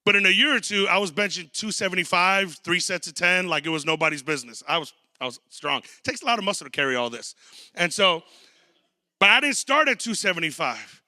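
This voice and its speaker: A man in his thirties, preaching as a guest pastor, tells stories and acts out quotes in a high-pitched, animated, brisk voice. His tone is bright and forceful, and the studio-quality recording has no echo.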